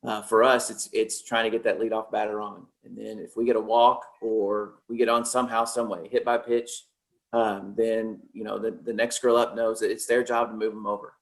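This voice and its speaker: A man, a softball coach, explaining plays at length in a steady, practical way. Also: lowish voice, normal speed, creaky. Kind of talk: casual interview.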